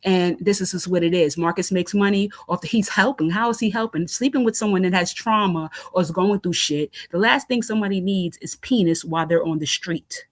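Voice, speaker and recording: A woman from New York with a New York accent, calling in to a live show and ranting bluntly with profanity. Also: lowish voice. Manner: blunt, profane, rapid-fire opinions. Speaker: caller. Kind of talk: casual call-in rant.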